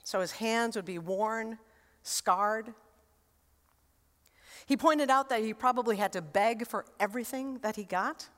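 A woman pastor preaching a sermon in a conversational, expressive way, with rhetorical questions and emphatic repetition. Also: fairly high pitch, a little slow, pauses often. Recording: long reverb in a large hall.

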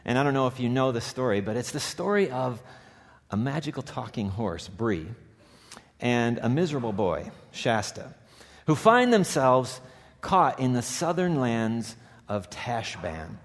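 A man preaching a sermon, praying softly and reading a story aloud, rising to urgent, emphatic peaks. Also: medium pitch, big pitch swings, measured pace. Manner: soft hushed prayer voice. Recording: long hall reverb.

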